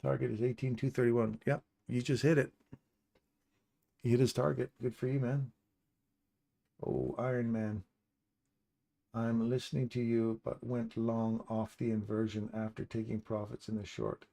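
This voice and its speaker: A man's voice: mid-range voice, flat delivery, normal speed, vocal fry, long pauses, warm tone. A man casually commenting on a live trading stream, reading out and answering viewers' chat messages by name. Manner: upbeat and chatty, laughs easily.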